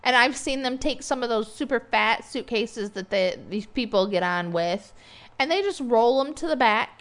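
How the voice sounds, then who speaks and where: A woman's voice: a little high, lively intonation, normal speed. A middle-aged woman from the United States, co-hosting a podcast in casual chat, telling stories with laughter and acting out quoted lines. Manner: chatty storyteller, laughs and acts out quotes. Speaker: podcast co-host.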